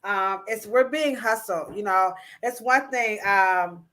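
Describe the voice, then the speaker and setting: Bright-toned woman hosting a chat. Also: medium pitch, takes it slowly. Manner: playful, teasing, slangy, mock-scolding asides. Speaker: livestream host. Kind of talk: casual livestream chat.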